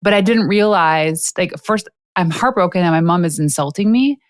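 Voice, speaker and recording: Woman podcast host, lowish voice, dry close sound, animated storyteller. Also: moderate pace, no echo. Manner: animated storyteller, laughs often. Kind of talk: casual interview chat.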